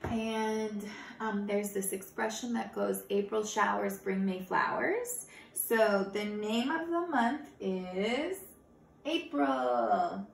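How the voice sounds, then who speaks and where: Slow, encouraging woman teaching young kids. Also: mid-range voice, gravelly, recorded from a distance, a little hiss or hum. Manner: slow, encouraging, repeats words for kids to echo. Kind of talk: children's calendar lesson. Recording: roomy sound from off-mic.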